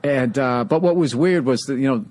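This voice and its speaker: A man hosting a podcast, telling profane, animated stand-up stories in casual chat. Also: medium pitch, normal speed. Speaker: podcast host, stand-up comedian.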